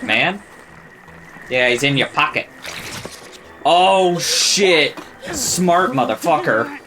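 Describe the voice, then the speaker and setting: A man giving casual reaction commentary to a show, excitable and swearing freely as he talks back at the screen. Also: on the high side, slow pace, pauses often. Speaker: reaction video host. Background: show audio and music playing.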